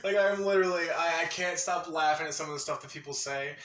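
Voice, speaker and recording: A man rambling excitedly in a casual vlog, laughing often and restarting his sentences. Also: fairly high pitch, quick pace, roomy sound, distant mic, a little hiss or hum. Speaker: anime vlogger.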